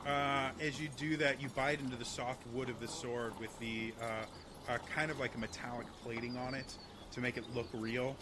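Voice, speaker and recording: A man narrating as game master in a laid-back, halting way. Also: mid-range voice, steady tone, a crowd in the background.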